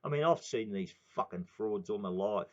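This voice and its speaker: A man's voice: fairly low pitch, lively intonation, normal speed. A man in his sixties with an Australian accent, ranting in a heated, swearing monologue. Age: 60s. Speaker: political commentator. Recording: dull lo-fi recording.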